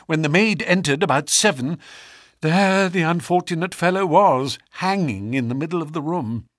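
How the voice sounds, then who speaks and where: A man's voice: a little high, normal speed, no echo, clean studio sound, voice pushed up, lightly acted. A man reading an audiobook, voicing a distraught middle-aged doctor in agitated, breathless exclamations.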